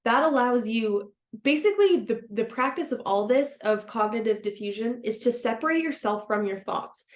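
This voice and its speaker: A woman's voice: on the high side, expressive, moderate pace, few pauses. Encouraging woman podcast host, roomy sound. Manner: gentle, encouraging, laughs easily. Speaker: podcast host and former counselor. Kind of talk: self-help podcast monologue. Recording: roomy echo.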